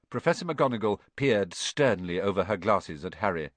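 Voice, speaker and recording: A man narrating an audiobook in an expressive reading style. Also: normal speed, few pauses, dry recording. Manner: expressive, swinging pitch. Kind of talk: scripted narration.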